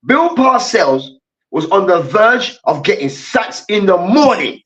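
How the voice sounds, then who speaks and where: A man hosting a heated sports debate, loud and full of swearing, acting out players and coaches as he rants. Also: high voice, very animated, a little slow, slight background noise. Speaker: host. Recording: distant, dull lo-fi mic.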